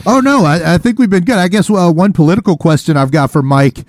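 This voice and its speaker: A man's voice: high-pitched, quick pace, no echo, clean studio sound. A man co-hosting a podcast, talking in casual chat, rambling with lots of fillers. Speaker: podcast co-host.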